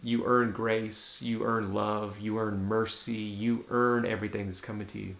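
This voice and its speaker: A man's voice: fairly low pitch, little pitch movement, unhurried, vocal fry, hardly any pauses, fairly bright tone. A man pastor giving a reflective, conversational sermon in a church. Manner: reflective, conversational preaching with restarts. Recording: echoey room.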